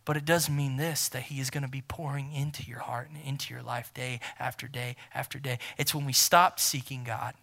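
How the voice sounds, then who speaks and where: Bright-voiced man preaching emphatically. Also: medium pitch, steady tone, brisk, vocal fry, hardly any pauses. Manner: emphatic, repeats key phrases, swings from loud to near-whisper. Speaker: pastor. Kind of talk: sermon.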